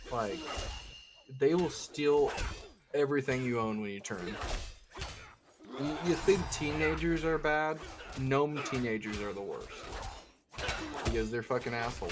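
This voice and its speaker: A man chatting casually on a live game stream, rambling and crude with a joking tone. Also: mid-range voice.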